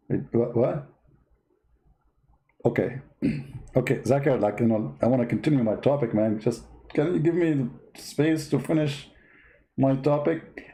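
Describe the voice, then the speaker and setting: A man's voice: mid-range voice, a little slow, pauses often, dark tone. A man from the Middle East hosting comic religious commentary in a sarcastic, mock-dramatic way. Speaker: host.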